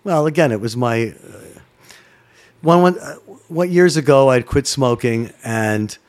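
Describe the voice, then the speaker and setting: A middle-aged man from Canada, a former sports broadcaster, telling a story in a casual chat, animated and swearing freely. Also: medium pitch, unhurried. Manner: animated, swearing, acts out voices in his stories.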